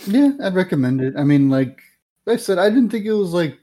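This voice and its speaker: A man's voice: high voice, lively intonation, fairly quick, warm tone. A man co-hosting a casual film-review podcast, rambling with many fillers and restarts while acting out scenes. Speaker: podcast co-host.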